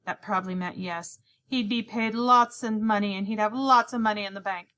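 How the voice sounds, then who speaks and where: A woman with a mid-range, sharp-toned voice reads a children's novel aloud at a moderate pace with fairly even intonation. In this scripted audiobook narration, she uses a young boy's first-person voice and acts out each character's lines.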